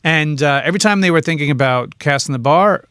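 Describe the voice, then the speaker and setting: A man's voice: fairly high pitch, brisk, a bit bright, clean tone, dry recording. A middle-aged man, an actor guest in a podcast studio, chatting casually and telling rambling stories with many fillers. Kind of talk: casual interview chat.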